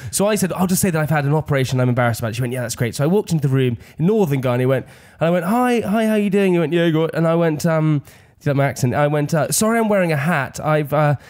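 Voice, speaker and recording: A young man with an English accent hosting a casual chat, telling stories quickly and laughing often. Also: a little high, expressive, darkish tone. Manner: fast storytelling, laughing often. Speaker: podcast host.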